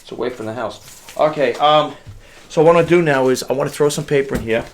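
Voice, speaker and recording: A man's voice: medium pitch, quick pace. A man chatting casually to viewers while he packs a box, rambling and calling them folks, in a workspace away from his house. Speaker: online reseller. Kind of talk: casual talk to camera while packing. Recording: clicks and clear background noise.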